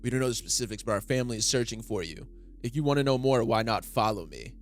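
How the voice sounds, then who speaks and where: A man voicing a calm, menacing male stranger, reading manga dialogue aloud over faint music. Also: medium pitch, fast, natural voice. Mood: cool.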